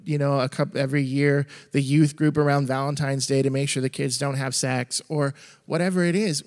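Earnest preacher in an echoey church. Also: male voice, on the high side, darkish tone. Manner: storytelling, earnest. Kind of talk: sermon. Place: large church.

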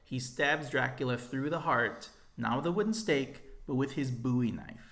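A man co-hosting a film podcast, talking casually with dry, wry remarks and pauses. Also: medium pitch, creaky, a bit bright. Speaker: podcast co-host.

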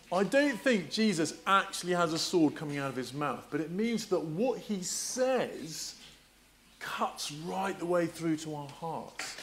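A man preacher giving a playful all-age talk in a church service, quizzing the children and reading scripture aloud. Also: sits high. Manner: animated, playful, quizzing the audience. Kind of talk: lively children's talk with questions.

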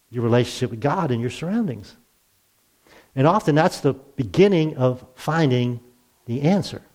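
A slightly mellow, mid-range male voice belongs to a pastor giving a conversational sermon. Along the way he throws out rhetorical questions and dramatizes the quotes.

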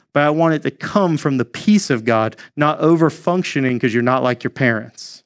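A male pastor preaching a sermon in a conversational, folksy way, with jokey asides to the church. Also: mid-range voice.

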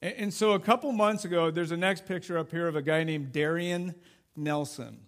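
A man's voice: a little high, normal speed. A man preaching a sermon to a church congregation as a youth pastor, conversational and self-deprecating with plenty of jokes.

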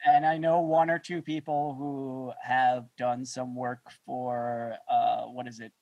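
A man hosting a podcast, relaxed and casual, chuckling between phrases. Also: mid-range voice, slow, no echo, dull audio. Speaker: podcast host. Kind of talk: casual interview chat.

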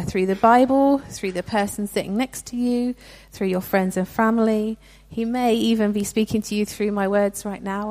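A woman's voice: medium pitch, a little mellow. A young woman giving a sermon in a conversational, earnest way, with frequent restarts. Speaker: preacher.

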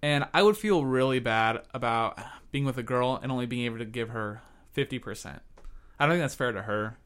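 A man's voice: medium pitch, a little fast, fairly bright tone, clear, resonant tone. A young man, a comedian guesting on a podcast, speaking in casual chat and often stumbling and restarting his words. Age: young adult. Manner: hesitant, repeats and restarts words.

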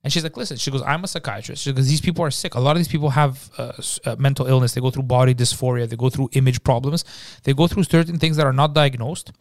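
A man co-hosting a podcast, retelling a story quickly in casual chat and acting out the people in it. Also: medium pitch, steady tone, no room sound, clean studio sound. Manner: rapid storytelling, acting out quoted people, frequent swearing. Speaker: podcast co-host.

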